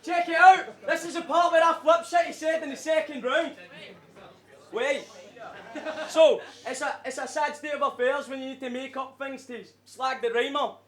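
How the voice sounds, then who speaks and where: High-voiced Scottish man battle rapping. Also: fairly even intonation, normal speed. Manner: taunting, shouts at the crowd. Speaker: battle rapper. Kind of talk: rap battle verses over crowd. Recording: loud live crowd around him.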